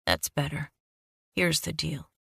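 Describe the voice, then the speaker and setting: A woman voicing a cold, menacing young male killer who speaks in hushed, sneering threats. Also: low voice, sing-song, slow pace, vocal fry, husky, no room sound, clean studio sound, heavily acted. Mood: icy menace.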